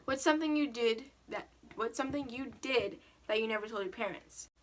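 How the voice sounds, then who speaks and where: A woman's voice: a little high, a little fast. A teenage girl telling stories and answering questions in a casual vlog, chatty and full of "like". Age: teens. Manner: chatty storytelling, lots of "like". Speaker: vlogger.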